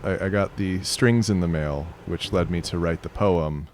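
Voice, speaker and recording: A man with a very low, deep voice hosts a casual livestream chat over a home mic. He rambles a little, jokes around and breaks into laughter often. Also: moderate pace, darkish tone, slight background noise. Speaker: host.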